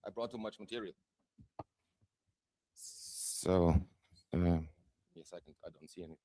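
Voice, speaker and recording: German-accented man, low mellow voice. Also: normal speed. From southern Germany. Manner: hesitant, many fillers, self-deprecating. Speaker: guest speaker. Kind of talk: conference presentation.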